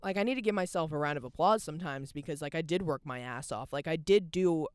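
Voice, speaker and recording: A woman's voice: deep voice, quick pace, smooth, dry recording, studio quality. A young woman hosting a podcast, talking candidly in a casual, rambling monologue full of "like" and restarts, at home. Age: young adult. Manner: candid and rambling, heavy use of "like". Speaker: podcast host.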